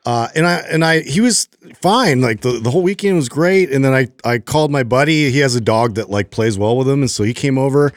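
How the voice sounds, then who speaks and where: A man's voice: medium pitch, expressive, a little fast, few pauses, no echo. A man co-hosting a fitness podcast, telling a story in a rambling casual way, full of filler words, on a studio mic. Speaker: podcast co-host. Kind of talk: casual chat.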